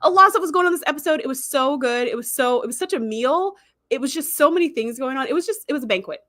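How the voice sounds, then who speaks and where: A woman hosting a livestream, recapping a show in a chatty, animated way full of "like" and "um.". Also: high voice, quick pace, no echo, clean studio sound. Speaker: livestream host. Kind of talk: casual episode recap.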